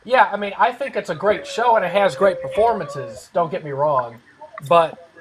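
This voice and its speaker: A man with a high voice hosts a relaxed panel discussion. He thinks out loud and softens his points with repeated fillers. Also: normal speed, background noise. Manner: rambling, hedging with fillers. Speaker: host. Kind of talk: casual online panel chat.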